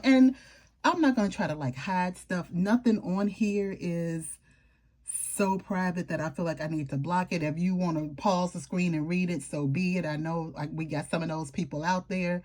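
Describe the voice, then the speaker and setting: A woman with a fairly low, darkish voice talks at a moderate pace while flipping through her planner for viewers. She's a planner vlogger doing a casual show-and-tell, chatty and informal, speaking straight to the camera with homey, southern-style slang.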